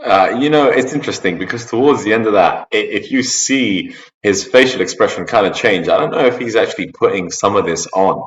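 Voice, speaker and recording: Deep-voiced man musing in an echoey room. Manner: hesitant, musing, measured. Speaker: reaction video host. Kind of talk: reaction commentary. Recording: echoey, distant, dull sound.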